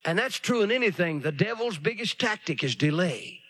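A man's voice: sits high, lively intonation, fairly bright tone. A man preaching a revival sermon, emphatic and calling for amens. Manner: emphatic, drawn-out pauses, calls for amens.

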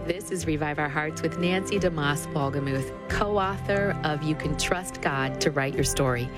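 A woman hosting a radio program, reading a scripted introduction in a bright announcer's manner. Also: low-pitched, normal speed. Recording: radio intro with loud music bed.

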